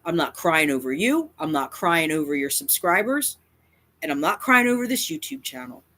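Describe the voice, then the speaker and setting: With a medium-pitched, sing-song voice at normal speed, pushed and bright, a cat advocacy YouTuber confronts the camera in a rant. They're defiant and emphatic, repeating lines for effect.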